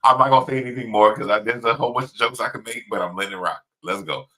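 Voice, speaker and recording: A man's voice: medium pitch, rapid-fire, sharp tone. A man co-hosting a podcast in casual chat, making laid-back, dry asides.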